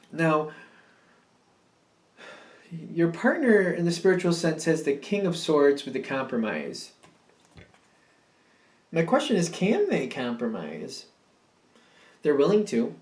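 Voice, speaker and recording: A man's voice: on the high side, sing-song, slow, pauses often, far from the mic. Rambling man giving a tarot reading. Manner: rambling, reflective, many fillers and restatements. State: yawning, a bit drowsy. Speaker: tarot reader. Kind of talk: casual tarot reading monologue. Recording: roomy sound from off the mic.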